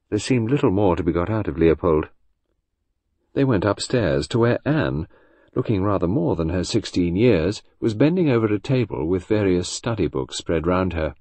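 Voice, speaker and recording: A man narrating an audiobook in a measured, expressive way. His husky voice moves lively in pitch. The recording is close and dry. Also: dry recording. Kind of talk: scripted narration.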